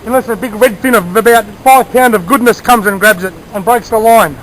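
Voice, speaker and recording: High-voiced fishing vlogger. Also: male voice, fairly quick, fairly bright tone, slight background noise, rough recording. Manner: chatty, enthusiastic, explains gear and tips. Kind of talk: casual outdoor narration. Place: outdoors by a small creek.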